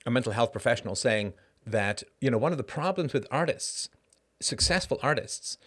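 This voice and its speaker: A middle-aged man hosting a casual solo monologue, animated and rhetorical, with short laughs and frequent asides of "right?". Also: medium pitch, normal speed. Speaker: podcast host.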